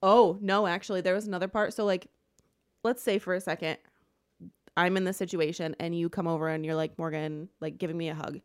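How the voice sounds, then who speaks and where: A woman's voice: lowish voice, brisk, no echo, studio quality. Ranting, swearing woman retelling a book. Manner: animated ranting storyteller, swears freely. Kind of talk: casual book chat.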